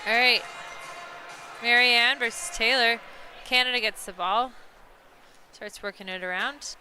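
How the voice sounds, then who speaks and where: Woman play-by-play caller, high and bright, excitable, talks straight to the viewers. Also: unhurried, faint music behind. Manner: excitable, laughs and exclaims at big plays; chatty, talks to viewers watching online. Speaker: play-by-play commentator. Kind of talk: live sports commentary.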